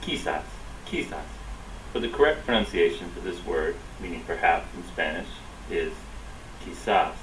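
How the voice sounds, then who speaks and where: A man teaching a Spanish lesson, explaining a rule and then repeating words slowly for practice. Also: low voice, slight background noise, rough recording. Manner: slow, drilling repetition of words. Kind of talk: classroom lesson.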